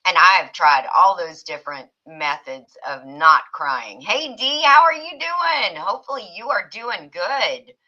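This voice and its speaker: A woman's voice: fairly low pitch, animated, a little slow, few pauses, pushed and bright, muffled recording. A woman hosting a casual livestream chat, reading viewer comments aloud and laughing often. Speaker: livestream host.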